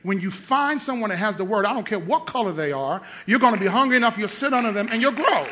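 A man's voice: high voice, lively intonation, fast. A man preaching a sermon as pastor, telling a personal story, acting out the people he quotes, and asking his congregation questions. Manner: storytelling preacher, acts out quoted voices, rises to loud emphatic stretches.

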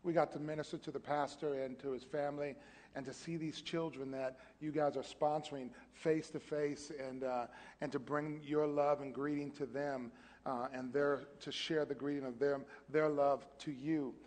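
A man's voice: a little high, steady tone, moderate pace, darkish tone. A pastor chatting and telling stories animatedly, often stumbling over his words. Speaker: pastor, co-host. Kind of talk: casual chat, storytelling. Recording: long hall reverb.

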